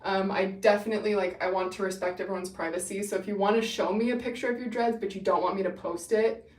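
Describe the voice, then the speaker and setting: Here the bubbly young host talks fast, her medium-pitched, darkish voice fairly even in intonation as she chats casually with viewers. Winded from a run, she's captured from a distance in a room full of echo.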